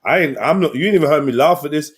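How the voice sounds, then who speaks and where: A man's voice: a little high, racing, breathy edge. A man hosting an online panel who cuts in and repeats himself to hold the floor. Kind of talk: heated online panel debate.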